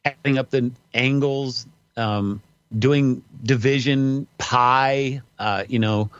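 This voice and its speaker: A man's voice: medium pitch, fairly even intonation, slow, clean tone, dry recording, dull audio. A man, a pastor and podcast guest, talking casually with lots of fillers and restarts over remote call audio. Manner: rambling, many fillers and restarts.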